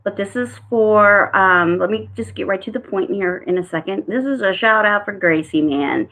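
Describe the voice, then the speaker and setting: Woman, casual live-stream tarot reader, rambling and chatty, mid-pitched voice, tinny phone-line sound. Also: moderate pace, few pauses. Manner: chatty and rambling, with frequent fillers.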